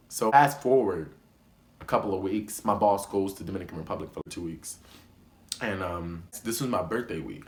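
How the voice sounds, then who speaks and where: A man's voice: deep voice, reverberant, a little hiss or hum. A young man telling a story time vlog in an emphatic, indignant way, often repeating himself. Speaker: vlogger.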